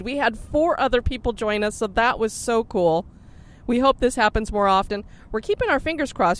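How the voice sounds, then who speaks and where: A woman hosting a podcast, chatting in an upbeat, laughing way from inside a car, sharing one mic. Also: medium pitch. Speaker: podcast host. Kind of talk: casual chat. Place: in a car on a road trip. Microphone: sharing one mic with co-host.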